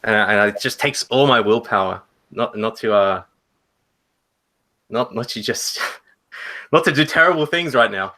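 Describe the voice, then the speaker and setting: A man's voice: on the low side, measured pace, long pauses, sharp tone. A man playing a tabletop role-playing game, narrating his character in the first person and stammering through repeated words. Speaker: player. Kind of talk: tabletop role-play chat.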